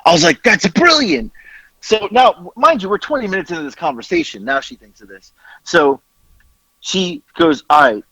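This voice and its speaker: Animated male storyteller, lively pitch. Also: normal speed, dry recording, rough recording. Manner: animated storyteller, acts out quoted voices. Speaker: podcast co-host. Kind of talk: casual storytelling chat.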